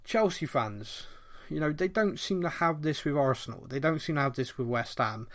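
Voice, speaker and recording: Middle-aged Bristol man, mild local accent, slightly high voice, rambling podcast co-host who thinks out loud. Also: normal speed. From Bristol, England. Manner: animated, rambling, thinks aloud. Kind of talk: casual football chat.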